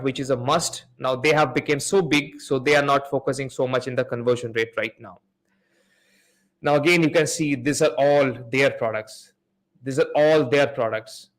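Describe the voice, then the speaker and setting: A man runs a live online Q&A, walking viewers through examples on his shared screen. He explains step by step, often repeats himself, and asks the audience to type in answers. His voice sits in a middle pitch range for a man. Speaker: host of a live Amazon PPC Q&A session.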